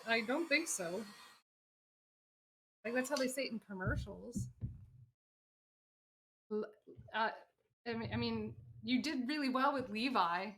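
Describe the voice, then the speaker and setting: A woman's voice: fairly high pitch, a bit bright, a little hiss or hum. An American woman chatting casually on a livestream while she works on a sewing project, reading out and answering viewer comments. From United States. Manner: chatty, rambling, reads chat aloud. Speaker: livestream crafter.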